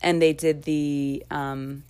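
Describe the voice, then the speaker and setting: A woman's voice: sits low, little pitch movement, slow pace, a little mellow, smooth. A young woman hosting a podcast in casual chat, talkative and prone to tangents, laughing often. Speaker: podcast host.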